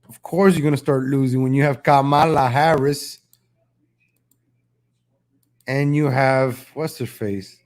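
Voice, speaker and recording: A man's voice: mid-range voice, steady tone, a little slow, long pauses, darkish tone. A man commenting casually on a live stream, mocking and rambling with frequent restarts.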